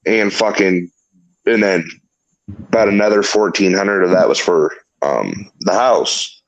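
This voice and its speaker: A man's voice: low-pitched, unhurried, rough recording. A man hosting a talk show, telling a long story in casual, rambling chat full of swearing. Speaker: podcast host.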